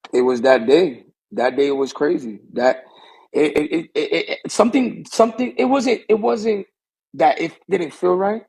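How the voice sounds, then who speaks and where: A man's voice: mid-range voice, a little mellow, breathy edge, rough recording. A young man, a pro wrestler guest, telling a rambling story in casual talk and circling back with the same stock phrase.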